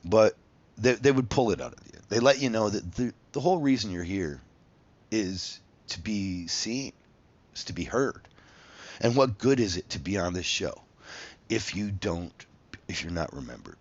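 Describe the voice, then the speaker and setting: A man's voice: lowish voice, animated, normal speed, dull audio. A man telling a story from his own past in a casual monologue, swearing freely and acting out the dialogue with animation.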